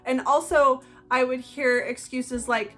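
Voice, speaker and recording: A woman's voice: high-pitched, fairly even intonation, a little slow, a bit bright, soft background music. A woman talking earnestly and conversationally to her viewers, explaining things in a solo video. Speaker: channel host. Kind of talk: explanatory solo talk to camera.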